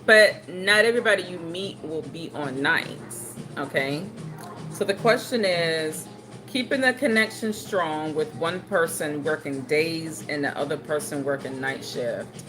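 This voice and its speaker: A woman's voice: deep voice, unhurried, over music. A young woman, hosting a home livestream, reading viewer comments and joking around in casual chat. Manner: animated, joking, playful put-on voices. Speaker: livestream host.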